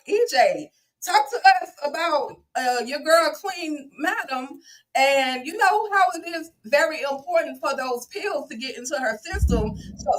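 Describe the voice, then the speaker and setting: A woman's voice: sits high, far from the mic, low-quality recording. A woman hosting a casual TV recap panel over a video call. She talks in a chatty way, laughs often, and calls on each panelist by name. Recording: voice set back from the mic.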